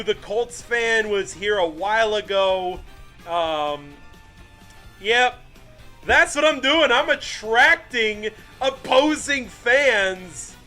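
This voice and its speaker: A young man streaming live fan commentary on a football game, self-mocking and excitable, ranting at his team and greeting chat. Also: very high-pitched.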